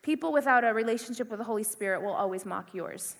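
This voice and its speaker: A woman's voice: on the high side, lively intonation, fast, gravelly, in a large hall. A woman preaching to a youth crowd, passionate and conversational, with lots of repetition. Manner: impassioned, conversational, full of repetition. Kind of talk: sermon.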